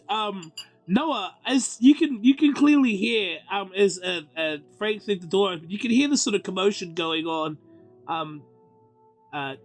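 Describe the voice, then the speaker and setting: A high-voiced man narrates as game master of a tabletop game. He rambles loosely, hunting for words with plenty of ums, while faint music plays under him. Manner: rambling, many ums, laughs easily.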